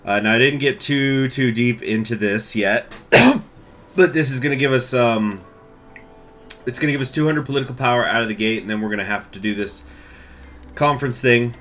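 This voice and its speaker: A man giving casual let's-play commentary on a strategy game, thinking aloud, with hiccups, coughs and throat clearing. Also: mid-range voice, normal speed, fairly bright tone, slight background noise. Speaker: gaming YouTuber.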